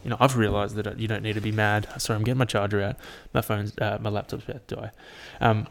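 A man's voice: fairly low pitch, flat delivery, fast, creaky. A young man, chatting casually to his audience in a rambling, sweary rant. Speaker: vlogger. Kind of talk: casual chat. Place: at home, at a laptop.

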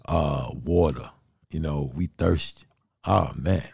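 A man's voice: extremely low pitch, takes it slowly, gravelly, a little mellow, husky, no room sound, clean studio sound. A man hosting a spoken word podcast in casual chat, laid-back and slangy, laughing often. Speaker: podcast host.

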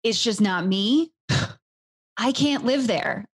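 A woman's voice: fairly high pitch, lively intonation, very slow, breathy edge, no echo, clean studio sound. A woman hosting a podcast, speaking in a reflective, earnest conversational way. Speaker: podcast host. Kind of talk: conversational interview.

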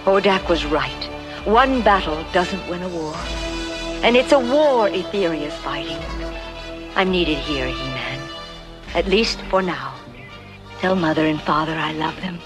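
An earnest, heartfelt young warrior princess from a 1980s cartoon. She speaks at a slow, deliberate pace in a mid-range voice, with a film score swelling underneath. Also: lowish voice, expressive, music in the background. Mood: tender resolve. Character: brave young heroine princess warrior, compassionate. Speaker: animated film character.

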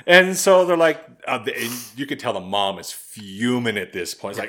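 A man's voice: medium pitch, moderate pace, hardly any pauses. A man hosting a podcast, telling an anecdote in casual chat and swearing freely. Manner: animated storyteller, swears freely. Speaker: podcast host.

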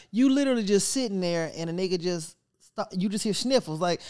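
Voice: medium pitch, a little mellow. A podcast host in casual chat, telling stories in a joking, slangy way and acting out their own thoughts.

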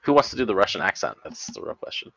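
A man's voice: on the low side, sing-song, quick pace, vocal fry, a bit bright, no room sound. A man playing his character in a tabletop role-playing game, hesitant with dry remarks. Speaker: player.

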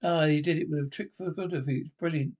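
A man's voice: on the high side, fairly even intonation, quick pace, a little mellow, close to an everyday voice. A man doing a gushing simple-minded enthusiast. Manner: childlike enthusiasm, rambling. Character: excitable simple young man who finds everything brilliant. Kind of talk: sketch comedy monologue.

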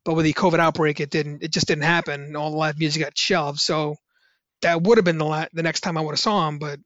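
A man's voice: fairly high pitch, steady tone, brisk, fairly bright tone, dry recording, muffled recording. A man, a musician, telling rambling casual stories with lots of fillers and restarts. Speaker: musician guest on a podcast. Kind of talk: casual anecdotal storytelling.

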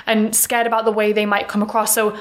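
A woman's voice: mid-range voice, completely flat delivery, brisk. A woman hosting a podcast interview, eager and affirming toward her guest. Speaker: podcast host.

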